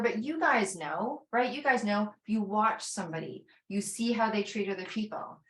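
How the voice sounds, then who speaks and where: Animated, rambling woman in echoey room. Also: medium pitch. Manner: rambling, animated, acts out her own inner voice. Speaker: summit organizer speaking to a panel. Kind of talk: casual storytelling talk.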